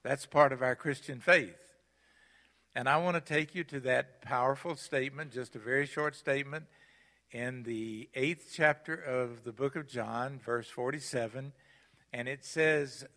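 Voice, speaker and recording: Emphatic older man preaching, bright voice. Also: mid-range voice, measured pace. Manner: emphatic, repeats key phrases. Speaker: guest preacher. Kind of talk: sermon. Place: church sanctuary. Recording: long hall reverb in church.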